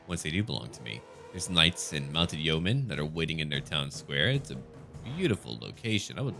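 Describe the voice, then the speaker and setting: Man, lowish voice, lively dry humor, game commentary over faint music. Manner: dry, joking asides. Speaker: gaming channel host. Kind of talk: gameplay commentary.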